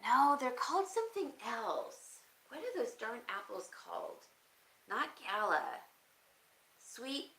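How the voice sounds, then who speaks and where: A woman hosting a casual live stream, chatting and reading viewer comments aloud, thinking out loud with frequent pauses and fillers. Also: on the high side, big pitch swings, low-quality recording. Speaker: crafting channel host.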